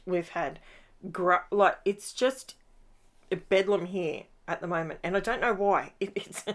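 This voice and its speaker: A woman's voice: fairly low pitch, takes it slowly. A woman, stuffy from hay fever, chatting casually and rambling as she talks through her scrapbooking. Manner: chatty, rambling, self-mocking. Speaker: scrapbooking channel host. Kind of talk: casual crafting voice-over chat.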